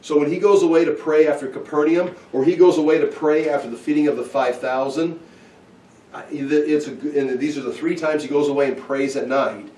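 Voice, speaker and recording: A man's voice: fairly high pitch, fairly even intonation, fairly quick, dark tone, slight background noise. A man giving an informal, conversational Bible teaching, walking listeners through the verses. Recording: roomy echo, mic at a distance.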